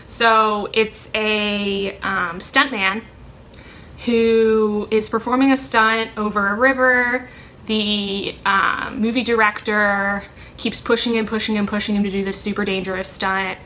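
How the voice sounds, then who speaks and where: Young woman vlogger, bright tone, rambling chatty delivery, faint background hiss. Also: mid-range voice, flat delivery, measured pace. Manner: rambling, chatty, many ums and self-corrections. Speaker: vlogger answering a question tag. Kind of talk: casual chat.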